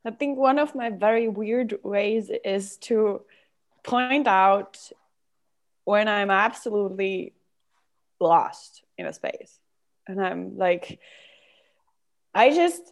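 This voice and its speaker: A woman with a German native tongue, a trainer in an acting workshop, thinking aloud in a halting way with restarts and swearing. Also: mid-range voice.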